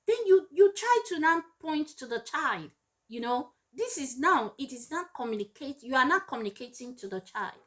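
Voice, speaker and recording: A woman's voice: sits high, big pitch swings, normal speed, a bit bright. A woman giving parenting advice straight to camera, earnest and emphatic, repeating her points for weight. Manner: acts out scolding parents in raised voices. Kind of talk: direct-to-camera advice talk.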